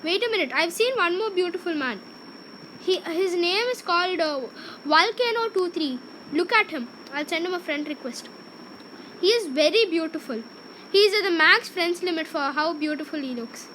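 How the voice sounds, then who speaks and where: A young female host chatting while playing a game with a friend, excitable and goofy. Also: very high voice, normal speed, a little hiss or hum. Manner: excitable, goofy, shrieks when losing. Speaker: gaming channel host.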